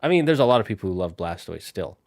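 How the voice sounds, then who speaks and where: A man's voice: on the low side, sing-song, quick pace. A man streaming a video game while chatting loosely with his viewers in a rambling, casual way. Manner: rambling, talks straight to his chat. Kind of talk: casual live-stream chat while gaming.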